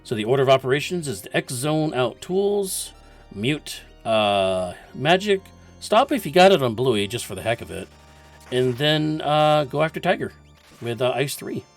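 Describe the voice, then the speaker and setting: A man's voice: mid-range voice, animated, moderate pace, soft background music. A man commentating a video game tournament, explaining boss strategy step by step in a casual, chatty way and laughing often. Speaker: esports commentator.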